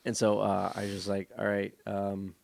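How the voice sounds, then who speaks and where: Profane, laughing comedian guest, low gravelly voice, dry sound. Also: male voice, monotone, normal speed, darkish tone, no room sound. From Stockton, California, USA. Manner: profane, joking, laughs often. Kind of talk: casual podcast chat.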